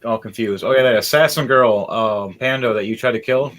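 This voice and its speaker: Animated man running a tabletop game. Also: a little fast, low-quality recording. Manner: animated, swings between loud bursts and low muttering. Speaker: game master.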